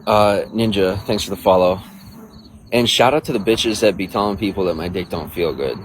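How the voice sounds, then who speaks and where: A very low-voiced man talks casually on a livestream, crude and boastful as he rambles on to his viewers. Steady background noise runs beneath his voice. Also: moderate pace, rough recording. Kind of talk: casual livestream chat, reading viewer comments.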